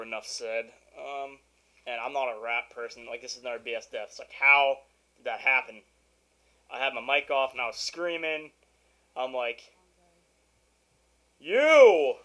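A man's voice: mid-range voice, bright, forceful tone, poor audio. A young man giving casual, rambling commentary over his own gameplay at home, with easy irritation and sarcastic asides. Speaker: gaming video commentator. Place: at home by his game console.

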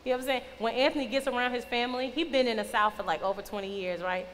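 A young woman youth minister preaches casually to teens in a higher-pitched voice. Her talk is playful and teasing, and it rings out with a long reverb under faint noise. She sounds like she is in a church hall. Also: fairly even intonation, very fast.

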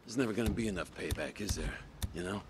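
An actor playing a rough, weary male biker who swears a lot, in video game dialogue. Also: sits low, animated, fast, very noisy. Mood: bitter.

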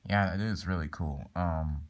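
Young guy doing a toy skit, kinda low voice, lots of uh and um, rambles on. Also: a little slow. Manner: rambling, many fillers and restarts. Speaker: plush toy video maker.

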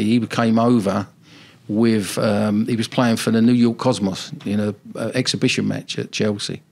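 A man's voice: lowish voice, vocal fry, breathy edge. An older man, a former football manager, telling rambling anecdotes in a casual interview.

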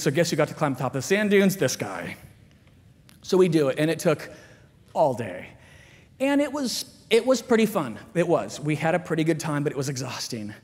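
Husky high-voiced man preaching in echoing hall. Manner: animated, swings from loud emphasis to hushed asides. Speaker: guest chapel speaker. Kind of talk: energetic chapel sermon with storytelling. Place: school chapel, large room. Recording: long hall reverb.

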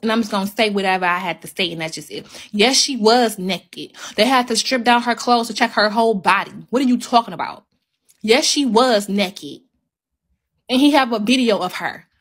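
A woman's voice: fairly high pitch, fast, few pauses, fairly bright tone. A woman ranting heatedly on a phone livestream to her viewers, emphatic and repeating her points.

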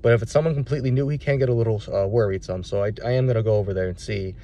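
A man's voice: on the low side, racing, mellow. A young adult man, a dog trainer, telling a story in a casual vlog, rambling and candid with many restarts.

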